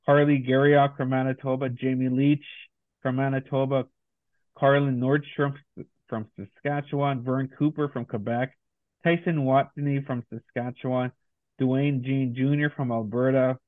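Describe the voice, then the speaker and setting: A man co-hosting a laid-back podcast runs through a long list of past guests and where they come from. His voice sits at a middling pitch. It comes through thin and phone-like, with a dry, close sound. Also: flat delivery, a little slow, no echo. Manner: reading a long list of names. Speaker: podcast co-host. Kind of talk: casual podcast chat.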